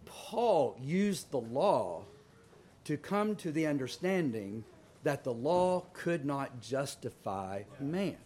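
A man preaching a sermon, emotional and fighting back tears at times, reading scripture in a measured cadence and building to fervent emphasis. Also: mid-range voice, big pitch swings, dark tone.

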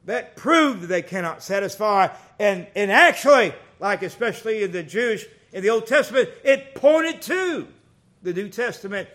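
This middle-aged preacher tells folksy, animated stories in a sermon, his high voice leaping around. He swings from loud bursts down to quiet asides while keeping a normal speed.

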